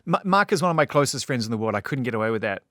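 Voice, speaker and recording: A man's voice: mid-range voice, expressive, racing, sharp tone, dry recording, clean studio sound. Joking New Zealand man hosting. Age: 50s. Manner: joking, swears freely, chatty. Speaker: radio host. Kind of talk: casual interview chat.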